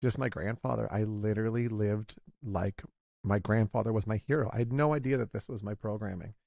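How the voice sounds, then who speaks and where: Gravelly halting man in his forties. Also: fairly low pitch, darkish tone, no room sound. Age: 40s. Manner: halting and confessional, with frequent restarts. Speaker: guest. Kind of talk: candid conversation.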